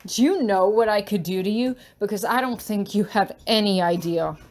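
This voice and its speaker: A woman voicing a pushy, aggressive teenage boy in a dramatic fan story reading, pressing and yelling. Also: medium pitch, moderate pace, natural voice. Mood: angry. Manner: pleading then angry and yelling.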